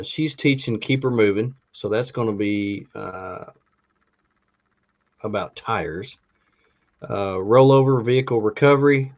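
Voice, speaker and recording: Low-voiced man reading a schedule. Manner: reads out a class list with many ums and uhs. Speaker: podcast co-host. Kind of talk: casual podcast chat. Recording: dull lo-fi sound.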